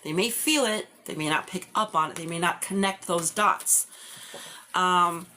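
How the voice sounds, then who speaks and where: A woman's voice: lowish voice, a little slow, sharp tone, a little hiss or hum. A woman giving a live-stream tarot reading, talking in a loose, rambling way full of "like" and "you know". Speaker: tarot reader.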